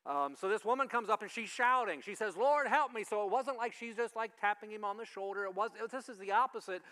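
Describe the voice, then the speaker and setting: A man's voice: high voice, fast talker, smooth. A man preaching a sermon as a pastor, talking to his congregation in a conversational way and asking them direct questions. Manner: acts out quoted speakers with loud shouts.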